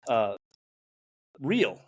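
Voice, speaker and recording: A man's voice: mid-range voice, sing-song, drawn-out words, a little mellow, breathy edge. A man in his fifties, a hypnotherapist guest in a casual interview, joking, rambling and laughing often. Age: 50s.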